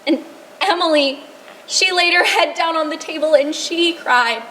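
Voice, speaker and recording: A woman's voice: very high voice, pushed and bright, slight background noise, full character voice, low-quality recording. A young woman playing a fretful mother of the bride. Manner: rambling, halting, fretful. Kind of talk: live stage acting.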